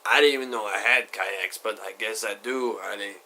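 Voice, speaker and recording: Man mimicking a loud, offhand party guy. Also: lowish voice, normal speed, slight background noise. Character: laid-back party guy, male, young adult.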